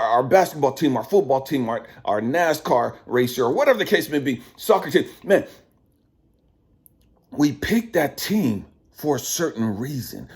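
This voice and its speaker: This middle-aged man hosts his own channel and delivers a profane, preachy rant with heavy emphasis. His voice sits fairly high, with a darkish, slightly rough tone.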